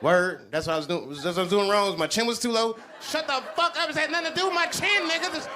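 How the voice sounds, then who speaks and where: High, lively male comic, profane; handheld mic on stage, loud roaring crowd. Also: quick pace, background noise. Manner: profane, animated, acts out other people. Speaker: stand-up comedian. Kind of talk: live stand-up set. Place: comedy club stage. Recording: live club with loud crowd laughter. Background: loud audience laughter.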